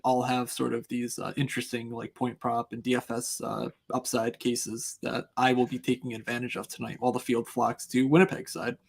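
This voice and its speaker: A man co-hosting a casual betting podcast, halting and fumbling for words. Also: mid-range voice, level tone, vocal fry, husky. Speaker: podcast co-host.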